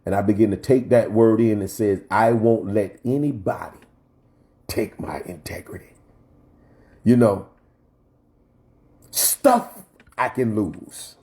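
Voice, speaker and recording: A male pastor with a mellow, dark voice, preaching in church. He tells a personal story with repeated phrases and climbs into fervent, high-pitched preaching. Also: lively intonation, a little slow. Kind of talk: sermon.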